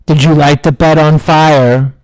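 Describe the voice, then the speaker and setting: A man's voice: a little high, level tone, unhurried, darkish tone, no room sound, lightly acted, poor audio. Man doing coaxing firefighters. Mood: insistent. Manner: coaxing, insistent questioning. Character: stern interrogating male firefighters.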